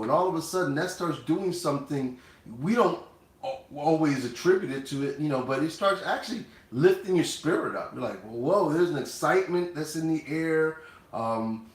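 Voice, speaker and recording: A man hosting a cooking livestream, talking casually and speaking directly to his viewers. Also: on the high side. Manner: conversational, addresses viewers directly. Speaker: cooking show host. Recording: roomy echoey room.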